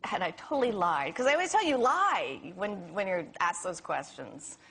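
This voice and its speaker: A woman guest on a chat show, telling an animated, self-mocking story. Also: fairly low pitch, moderate pace. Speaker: actress guest.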